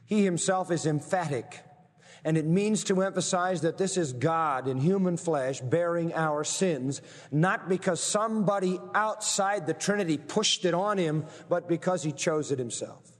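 A man preaching a sermon as pastor, emphatic, slowing right down to stress key phrases. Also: on the high side, long reverb tail.

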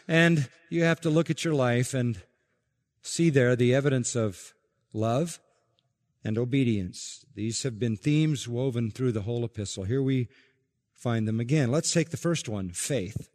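A man's voice: medium pitch, animated. Emphatic male preacher in a reverberant hall. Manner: emphatic, repeats key phrases, slows for stress. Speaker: pastor. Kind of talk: expository sermon.

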